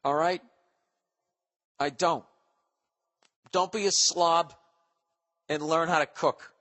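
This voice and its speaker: A man's voice: on the high side, fairly even intonation, takes it slowly, sharp tone, big-room sound. A man in his forties hosting a podcast, rambling through listener mail in a profane, sarcastic, comedic monologue. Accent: Boston. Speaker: podcast host.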